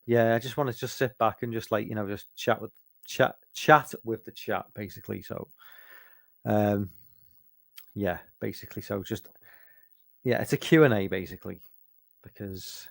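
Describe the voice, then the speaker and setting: Fighting off sleep, a middle-aged live streamer from the UK chats sweary and rambling in a casual late-night Q&A, restarting often. His low-ish voice is gravelly yet fairly bright, at normal speed with long pauses. The sound is studio quality, without echo.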